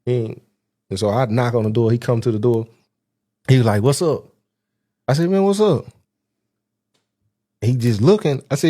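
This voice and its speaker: A man telling a personal story in casual chat, animated, acting out the voices of people in it and laughing often. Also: medium pitch, moderate pace, long pauses. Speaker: guest telling his prison story.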